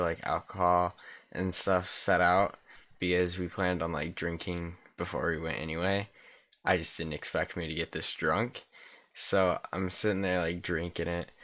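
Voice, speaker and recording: Deep-voiced teen guy telling a story. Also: a bit bright. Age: teenager. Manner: rambling, swears freely, fills with "like". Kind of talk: casual storytime vlog.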